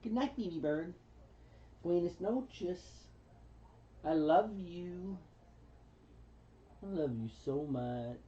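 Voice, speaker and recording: A woman chatting fondly with her pet bird at home, cooing pet names and laughing softly. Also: low-pitched, lively intonation, slow pace, long pauses, a little hiss or hum. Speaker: pet bird owner on a livestream. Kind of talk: casual chat with a pet. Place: indoors at home. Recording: dull lo-fi home livestream audio.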